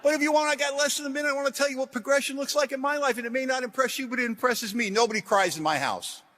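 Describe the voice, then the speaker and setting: A middle-aged man with a fairly high-pitched voice gives a recovery talk to a large audience. He tells self-deprecating stories in punchy one-liners. He moves from loud, emphatic jokes to quiet, earnest reflection. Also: racing. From Washington, USA. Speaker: AA convention speaker.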